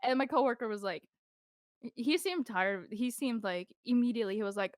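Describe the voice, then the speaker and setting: A young woman co-hosting a podcast, telling a story in casual chat, animated and laughing often as she acts out what people said. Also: fairly high pitch, brisk, no room sound, studio quality. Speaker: podcast co-host.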